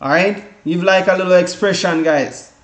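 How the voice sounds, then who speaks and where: A man's voice: high-pitched, moderate pace. Caribbean guy tutoring for an exam, chatty and rambly, lots of "all right guys", echoey room. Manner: rambling, repeats "guys" and "all right", many fillers and restarts. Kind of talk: casual exam-prep lesson.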